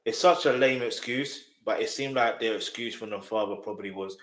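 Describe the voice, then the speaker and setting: Speaking briskly with few pauses in a lowish voice, this reaction host talks directly to his audience, emphatic and repeating himself. The recording has a roomy echo.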